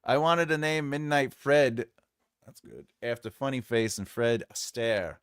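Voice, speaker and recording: A man hosting a casual writing livestream, jokey and rambling, muttering softly to himself while he drafts. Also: mid-range voice, unhurried, smooth, no echo, clean studio sound. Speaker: writer and livestream host.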